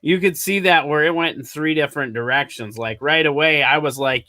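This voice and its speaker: A man's voice: fairly high pitch, normal speed, few pauses, sharp tone, dry recording. A man hosting a comedy podcast, chatting loosely and laughing as he workshops jokes with comics. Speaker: podcast host. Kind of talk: casual comedy workshop chat.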